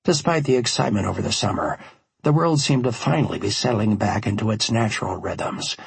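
A man narrating an audiobook in the first person, wry and measured, recorded in a studio. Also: lowish voice, creaky, husky. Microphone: studio microphone.

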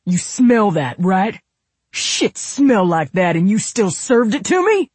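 A narrator voicing a volatile, abusive middle-aged father who shouts and accuses in an audiobook. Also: medium pitch, sing-song, takes it slowly, breathy edge, dry recording, pitched above the performer's own voice, exaggerated voice. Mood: raging. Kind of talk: audiobook character voice.

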